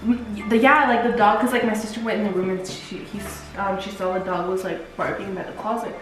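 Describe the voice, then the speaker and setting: A woman's voice: mid-range voice, fairly even intonation, a little fast, a bit bright. A young woman co-hosting a vlog, telling stories in a chatty way full of fillers and restarts. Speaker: vlog co-host. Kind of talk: casual storytelling chat. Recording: very echoey room, distant mic, faint music.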